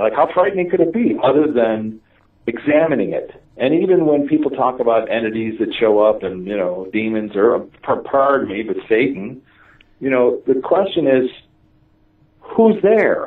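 A man telling stories in a casual conversation, animated and laughing, with many fillers and restarts. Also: mid-range voice. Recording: distant, tinny phone-like audio.

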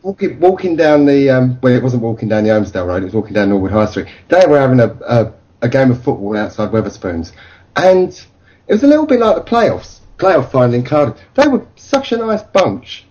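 A man's voice: medium pitch, big pitch swings, a little fast, darkish tone. A man co-hosting a football radio show, chatting in a jokey, rambling way. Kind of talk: casual fan radio chat. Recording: dull lo-fi sound.

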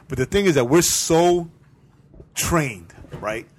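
A man's voice: a little high, lively intonation, takes it slowly, husky. A man co-hosting a faith podcast, explaining his beliefs in an earnest, preachy way and often asking "right?". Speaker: podcast co-host. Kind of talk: casual faith podcast chat.

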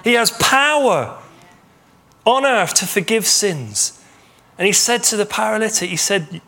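A male pastor with a high, bright voice delivers a sermon. He tells the story vividly, slipping into imagined conversations as he goes. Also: measured pace, pauses often. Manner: animated storytelling, acts out imagined dialogue.

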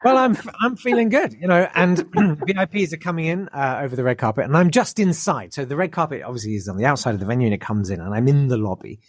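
Husky man telling a lively story. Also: on the high side, fast, hardly any pauses, no echo, studio quality. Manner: animated anecdote telling, acts out quoted people. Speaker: podcast guest. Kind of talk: casual storytelling chat.

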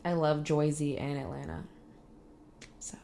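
A woman's voice: sits low, measured pace, warm tone. A young adult woman co-hosting a podcast in casual chat, agreeable and blunt with short quips. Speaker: podcast co-host.

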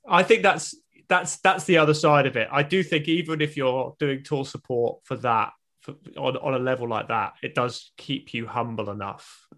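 A man's voice: mid-range voice, moderate pace, fairly bright tone. A man, a stand-up comedian, musing in casual chat with a self-deprecating manner.

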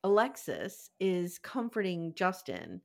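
A woman's voice: on the low side, wildly swooping pitch, slow pace, gravelly. A woman co-hosting a podcast in casual chat, frank and opinionated, laughing easily. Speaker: podcast co-host.

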